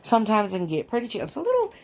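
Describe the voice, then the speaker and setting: A woman's voice: fairly high pitch, huge pitch swings, very fast. Chatty woman reading tarot at home. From California. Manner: rambling, chatty, laughs often. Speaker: tarot reader. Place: upstairs room at home with fan going. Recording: faint fan noise at home. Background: faint fan noise.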